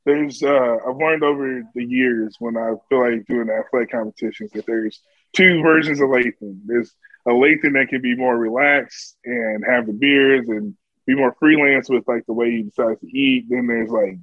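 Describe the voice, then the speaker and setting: A man's voice: medium pitch, normal speed, no room sound, narrow, tinny audio. A man, a guest in a casual chat, joking and teasing. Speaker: guest, athlete.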